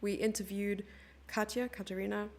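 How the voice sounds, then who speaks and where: A woman's voice: mid-range voice, steady tone, moderate pace. A young South African woman commentating a chess stream live and chatting with her viewers in a giggly, casual way. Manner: chatty, giggly, reads chat messages aloud.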